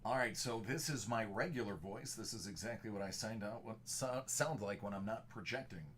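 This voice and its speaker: A man's voice: lowish voice, normal speed, fairly bright tone. A man hosting a card break on a live stream, calling out player cards in short punchy bursts and chatting with viewers. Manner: chats with viewers in the stream chat.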